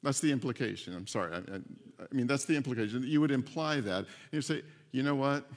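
A man preaching a sermon as pastor, animated and repeating his phrases, with frequent laughs. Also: mid-range voice, fast. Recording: long hall reverb.

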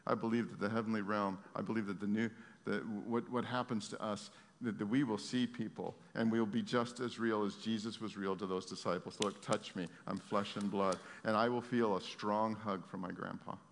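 A man preaching a sermon, moving from loud, fervent pleading to quiet, earnest storytelling. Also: on the low side, fairly even intonation, a little fast, vocal fry. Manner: swings from loud impassioned pleading to soft storytelling. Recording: long hall reverb.

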